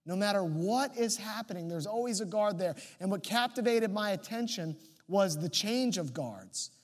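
A man with a fairly high voice preaching from the pulpit. He reads scripture aloud and then unpacks it with lively, emphatic delivery. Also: normal speed. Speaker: pastor. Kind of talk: sermon.

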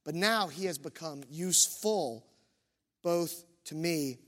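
A man's voice: fairly high pitch, slow, fairly bright tone. A man in his thirties preaching a sermon and telling a self-deprecating personal story, with many restarts. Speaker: pastor. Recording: long hall reverb.

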